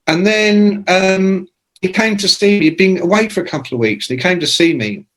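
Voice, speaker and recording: A man in his sixties, a rock journalist telling profane, lively anecdotes as a podcast guest. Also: high voice, normal speed. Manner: lively, profane, acts out quoted voices. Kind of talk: anecdotal storytelling in a podcast interview.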